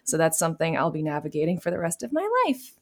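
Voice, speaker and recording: A voice actor in her thirties from New York City answers interview questions chattily, warm and laughing easily, with many fillers. Her low voice is very animated and fast, with vocal fry.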